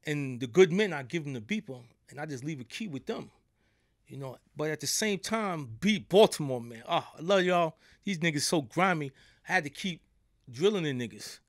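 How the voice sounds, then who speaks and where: A man's voice: fairly high pitch, lively intonation, moderate pace, dry recording, clean studio sound. A middle-aged man from New York with a New York accent, a podcast guest telling stories in a casual, streetwise way and often asking "you know what I'm saying". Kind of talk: casual storytelling. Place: podcast studio.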